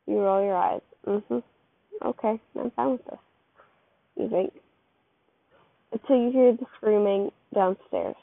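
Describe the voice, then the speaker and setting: Casual fan fic reading by a woman, kinda rambly w restarts, raspy fry in her voice, sounds like a phone mic. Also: medium pitch, fairly even intonation, measured pace, pauses often, dry recording. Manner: loose, rambling delivery with slips and restarts. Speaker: fan fiction narrator. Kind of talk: casual second-person story reading. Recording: tinny, phone-like dry recording.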